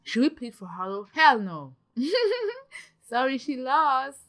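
A young woman giving dramatic, excitable commentary while playing a life-simulation game, often gasping and exclaiming. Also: high voice, normal speed. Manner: dramatic, gasps and exclaims, ends points with "okay?". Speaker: gaming YouTuber.

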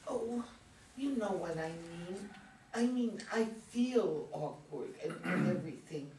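A woman's voice: fairly low pitch, lively intonation, slow pace, mellow. A woman reading the part of an awkward, self-conscious teenage girl in a reader's theater play, talking in an emotional, rambling way. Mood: upset. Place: community theater reading room. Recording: echoey room, mic far off, some hiss.

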